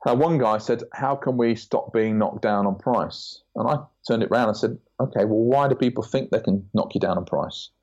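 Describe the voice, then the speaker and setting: Brief: male guest, 40s, deep-ish voice, muffled lo-fi audio, chatty storyteller who does voices. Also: moderate pace, few pauses. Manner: animated storyteller, acts out quoted voices. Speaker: podcast guest, branding consultant. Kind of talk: casual interview chat. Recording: dull lo-fi audio.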